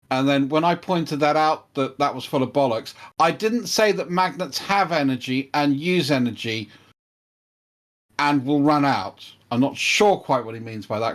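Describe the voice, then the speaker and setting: Wry man, fairly high voice. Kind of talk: casual panel chat.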